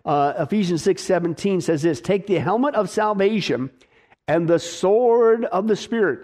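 A man's voice: high voice, expressive, moderate pace, darkish tone. A male pastor preaching an emphatic, folksy sermon, full of restarts and playful asides.

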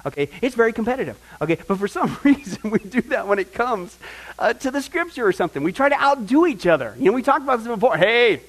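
A man preaching a sermon to a group, animated, often asking his listeners questions and acting out the people he quotes. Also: very high-pitched, fast talker, poor audio. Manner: animated, acts out quoted voices, asks the audience questions. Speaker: pastor teaching a Bible study.

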